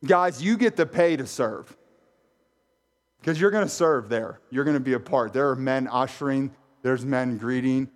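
Animated male pastor preaching. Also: mid-range voice. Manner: animated, jokey, addresses congregation directly. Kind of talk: sermon. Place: church sanctuary.

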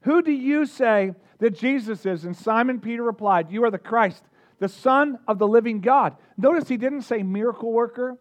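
A man preaching a sermon, energetic, drawing the congregation in with questions and call-outs. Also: extremely high pitch, moderate pace. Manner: energetic, engages the audience with questions. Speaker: pastor.

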